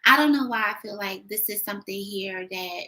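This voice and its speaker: A woman's voice: mid-range voice, a little fast, pushed and bright, poor audio. A woman giving a casual tarot reading at home, chatty, with many fillers and little laughs. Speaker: tarot reader.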